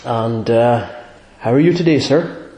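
A man's voice: medium pitch, unhurried, dark tone, natural voice. A man voicing a polite male phone scam caller who talks in overly courteous, scripted patter. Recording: echoey room.

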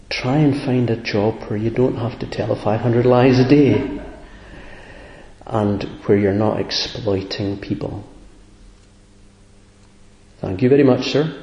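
A man's voice: mid-range voice, gravelly, dark tone, dull audio. A preacher giving a sermon in an earnest, conversational manner that lifts now and then into emphatic peaks. His voice sits in a middling register and echoes around a roomy church space. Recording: echoey room.

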